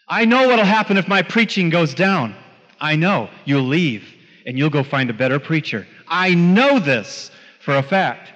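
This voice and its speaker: A man's voice: high-pitched, lively intonation, moderate pace, fairly bright tone. A man preaching a sermon, telling a story with quoted dialogue and emphatic rises. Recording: dull lo-fi sound in a long-reverb hall.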